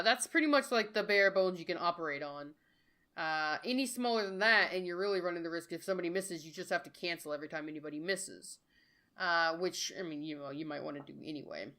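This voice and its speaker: A woman's voice: on the low side, fairly bright tone. A woman hosting a casual podcast chat about tabletop games, leading the talk with questions. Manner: enthusiastic, leads the discussion with questions. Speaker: podcast host and dungeon master.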